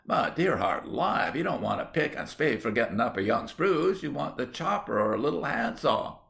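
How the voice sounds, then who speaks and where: A man's voice: medium pitch, sing-song, normal speed, gravelly, a bit bright, voice pushed up, heavily acted. A man voicing a good-natured young country lad who chats in broad rustic dialect. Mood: hearty.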